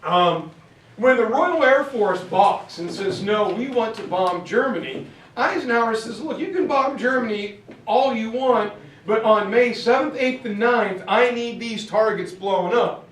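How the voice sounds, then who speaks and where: A man lecturing on history as an animated storyteller who acts out the quotes. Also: sits high, measured pace. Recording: roomy sound from far off.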